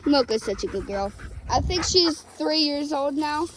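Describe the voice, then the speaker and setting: Woman, high voice, slow unhurried talk, playful pet baby-talk, outdoor phone recording, noisy background. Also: animated. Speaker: dog sitter vlogger. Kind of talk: casual vlog talking to a dog. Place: backyard outdoors. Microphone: handheld phone.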